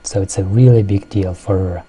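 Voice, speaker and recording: A man with a Mongolian accent, a native Mongolian speaker, earnestly explaining what an event means to his country, with frequent pauses and fillers. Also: low-pitched, steady tone, dark tone, husky. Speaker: show host explaining culture. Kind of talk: explanatory commentary.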